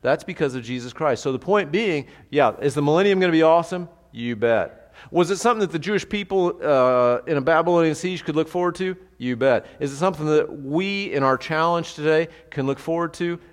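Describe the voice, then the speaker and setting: A pastor teaching a sermon in a conversational, animated way, asking the congregation rhetorical questions. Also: male voice, fairly high pitch, brisk, few pauses, in a large hall.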